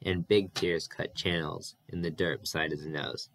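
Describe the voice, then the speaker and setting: A man's voice: sits low, steady tone, a little slow, a bit bright. A man reading a novel aloud as narrator, with occasional restarts and fillers. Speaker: audiobook reader.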